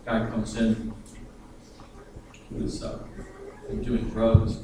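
A man preaching a sermon in an animated way, acting out the voices of the people in his stories, with an easy chuckle. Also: lowish voice, very slow, noisy background. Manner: animated, acts out quoted voices, chuckles often. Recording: echoey room heard from a distance.

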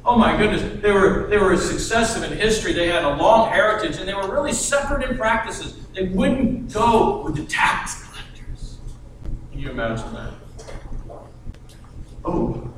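A man with a high voice preaches with plenty of life, slipping into little acted voices for the people in his stories. He sounds set back from the mic in a large, very echoey hall, with a faint room hum behind him. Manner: animated, acts out quoted voices, chuckles often. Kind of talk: sermon. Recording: echoey room heard from a distance.

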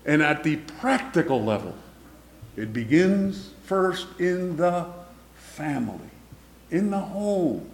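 Guy preaching slow, voice climbs high then drops way down, little chuckles here and there. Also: big pitch swings, creaky. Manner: emphatic, swelling and dropping to near whisper; chuckles between points. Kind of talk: sermon.

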